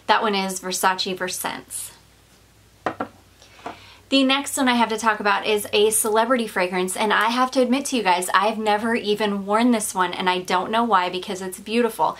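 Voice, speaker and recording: A woman's voice: mid-range voice, a bit bright. A woman reviewing perfumes in a casual vlog, gushing and rambling with fillers and small laughs, slightly out of breath.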